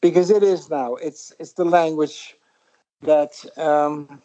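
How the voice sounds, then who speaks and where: A middle-aged man from Britain, a guest musician in a casual interview, talking in a reflective, rambling way with many halting restarts. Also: a little high, fairly even intonation, mellow, highs cut off.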